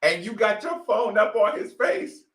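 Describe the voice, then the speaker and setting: Podcast host, man, heated ranting delivery, unhurried and high-pitched. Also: very animated, a bit bright, reverberant. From Asheville, North Carolina. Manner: heated, ranting, laughs often, cusses. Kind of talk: opinionated sports talk.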